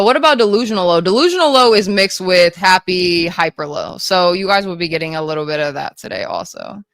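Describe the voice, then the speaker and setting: A woman livestreaming, reading chat messages aloud in a hyper, rapid-fire, casual way with frequent swearing. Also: lowish voice, fairly bright tone, clean tone, no room sound.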